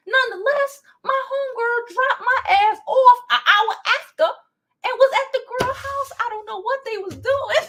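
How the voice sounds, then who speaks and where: High-voiced, animated woman livestream host. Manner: animated, swears freely, laughs often. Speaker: gossip and advice show host. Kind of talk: casual livestream chat.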